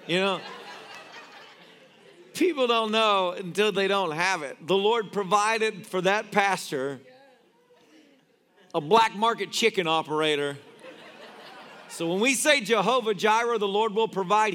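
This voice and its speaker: A man's voice: high voice, moderate pace, pushed and bright. A man preaching a sermon as a pastor, telling stories and cracking jokes. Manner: joking storyteller. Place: church.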